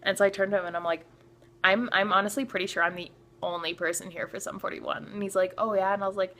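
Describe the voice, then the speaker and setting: A young woman from Canada telling a storytime vlog, excitable and full of filler "like"s, acting out what people said. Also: mid-range voice, fast talker. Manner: excitable, many filler "like"s, acts out quotes. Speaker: vlogger.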